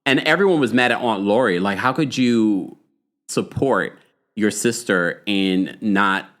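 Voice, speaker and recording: A man's voice: lowish voice, a little slow. A man hosting a live reality TV recap stream, chatting casually and reading out viewer comments. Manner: chatty and animated, with frequent fillers and asides to viewers. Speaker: host of a reality TV recap livestream.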